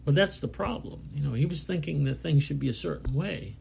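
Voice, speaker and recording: A man delivers a sermon, reading verses and then explaining them in plain, earnest words. His voice sits a little high but is dark and mellow, with a heavy gravelly fry. He often restarts his sentences as he works through each thought. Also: expressive, a little fast, a little hiss or hum. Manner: earnest, plainspoken, with frequent restarts and "you know". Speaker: preacher.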